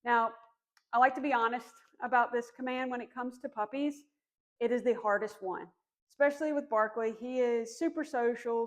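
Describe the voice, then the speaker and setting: A woman dog trainer calmly explaining commands during a demonstration, encouraging and firm on cues. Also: a little high. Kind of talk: instructional demonstration.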